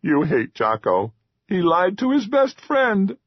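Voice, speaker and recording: A man's voice: high-pitched, wildly swooping pitch, slow, no room sound, pitched above the performer's own voice, exaggerated voice. A man doing a timid whiny little troll. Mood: pleading. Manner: refers to himself by name, pleading. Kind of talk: audiobook character voice. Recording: dull lo-fi dry recording.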